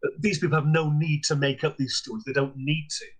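A man's voice: a little high, level tone, husky. Theatrical storyteller man. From Lancashire, England. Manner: measured, theatrical storyteller with repeated words and fillers. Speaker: guest storyteller and paranormal historian. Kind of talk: podcast storytelling.

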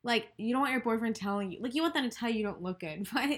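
A woman's voice: a little high, fast. Chatty young woman from Texas. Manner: chatty, many fillers and restarts. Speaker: podcast co-host. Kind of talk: casual chat.

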